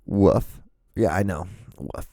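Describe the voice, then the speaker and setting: Man, low mellow voice, dry close sound, rambling podcast storyteller, swears, mimics people. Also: takes it slowly, dry recording. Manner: rambling, profane, acts out quoted voices. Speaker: podcast host. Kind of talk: casual solo storytelling monologue.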